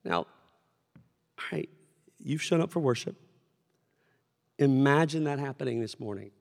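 A man preaching a sermon to his congregation, conversational and animated, acting out shouted lines as he tells stories. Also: medium pitch, a little slow, creaky. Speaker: pastor. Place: church sanctuary. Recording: long hall reverb.

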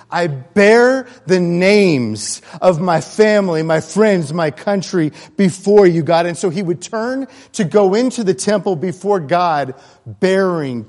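A man's voice: sits high, a little mellow. A man preaching a sermon in a conversational, earnest way, with asides and restarts. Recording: long hall reverb.

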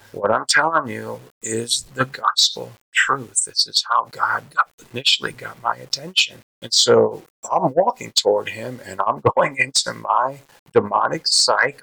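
A man's voice: mid-range voice, gravelly, low-quality recording. A man from Connecticut telling his conversion testimony in casual street speech, acting out the quotes as he goes. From Bridgeport, Connecticut, USA. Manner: animated storyteller acting out quotes. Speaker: preacher giving his testimony. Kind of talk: personal testimony storytelling.

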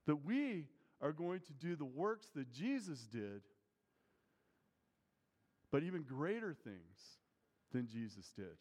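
A man's voice: on the high side, darkish tone. Man, pastor, sermon, earnest, emphatic, long hall reverb. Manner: earnest, emphatic preaching with rising intensity on key phrases.

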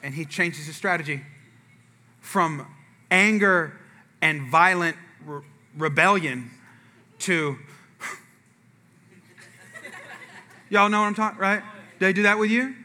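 A man's voice: sits high, slow, long pauses, sharp tone. A man preaching a sermon in a church, telling a family story with acted-out dialogue and asides to the congregation. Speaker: pastor.

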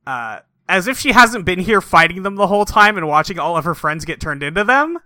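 A man with a very bright, forceful voice talks casually, blunt and sarcastic. He sounds close and dry. His voice is pitched a bit high for a man. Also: very animated, no room sound. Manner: blunt and sarcastic, quick to mock. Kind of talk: casual chat.

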